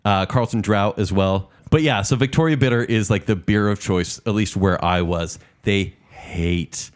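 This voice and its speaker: Low-voiced man telling lively stories. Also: moderate pace. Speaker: podcast co-host. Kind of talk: casual chat.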